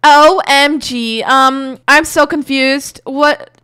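A woman hosting a gaming video, chatting excitedly as she comments live on her gameplay. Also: high voice, soft background music. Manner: chatty, excitable, quick reactions.

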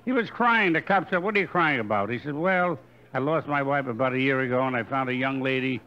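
An older man doing stand-up comedy on a hotel stage, firing off quick deadpan one-liners into a stage microphone. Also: medium pitch. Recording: dull live recording, faint room ambience.

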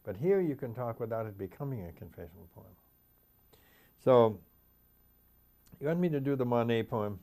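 A man's voice: medium pitch, animated, moderate pace, pauses often, dark tone. An older man, a poet, talking reflectively in an interview and reading his own poems aloud, repeating stanzas. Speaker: poet guest. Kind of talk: interview talk and poetry reading.

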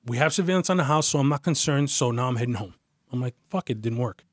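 Lively in intonation and quick in pace, a middle-aged man's medium-pitched voice comes through at studio quality with no echo. He's a retired police detective telling a story in a casual interview, blunt and profane, imitating the voices of those involved.

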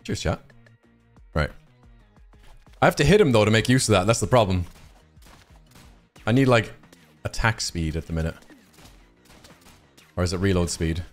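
Male streamer, casual banter, animated pitch, light music bed. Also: normal speed, long pauses. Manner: banter, swearing. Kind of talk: casual gaming chat.

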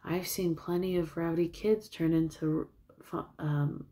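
A woman's voice: on the low side, steady tone, unhurried, warm tone, close to an everyday voice. A woman voicing a short, cheerful older male basketball coach with a folksy, upbeat way of talking.

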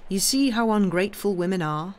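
A woman reading aloud, voicing a cool, scheming nobleman who speaks smoothly and ironically. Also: mid-range voice, animated, brisk, voice pushed up, lightly acted. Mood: ironic.

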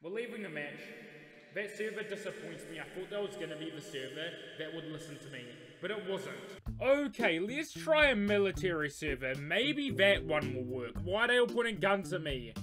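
A young man giving excitable gameplay commentary, breaking into loud yells and squealing laughter. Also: high-pitched, normal speed, faint music behind. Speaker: gaming YouTuber.

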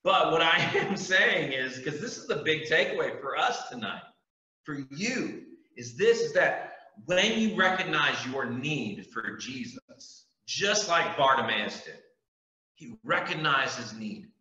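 Sharp-toned and expressive, a youth pastor with a fairly high voice preaches to a youth group at a measured pace. He's earnest and emphatic, calling to his listeners again and again, and the recording is dull and distant in an echoey room.

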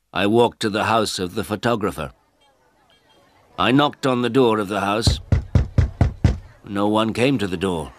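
A man narrating a first-person story in a slow, plain reading style for English learners. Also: on the low side, a bit bright, no room sound, clean studio sound.

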